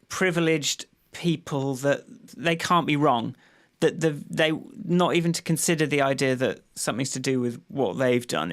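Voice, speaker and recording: A man co-hosting a podcast, talking in a hesitant, musing way. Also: on the high side. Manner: musing, hesitant, reads passages aloud. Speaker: podcast co-host. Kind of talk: casual podcast chat.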